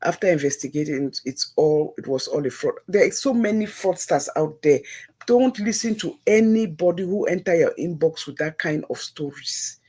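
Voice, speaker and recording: Husky-voiced Nigerian woman pleading earnestly. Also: lowish voice, animated, normal speed, dark tone. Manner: earnest, pleading, repeats phrases for emphasis; preachy, religious. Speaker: livestream host. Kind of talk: casual advice talk to live viewers.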